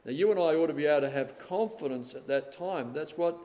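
A man preaching a sermon, swinging between loud dramatic passages and hushed, quiet ones. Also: on the high side, brisk. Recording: long hall reverb.

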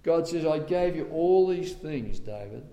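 Preaching a sermon in a fairly high voice with lively intonation and a measured pace, this man lurches dramatically between loud outbursts and hushed moments, adding conversational asides between scripture quotes. The muffled recording carries the long reverb of a large hall.

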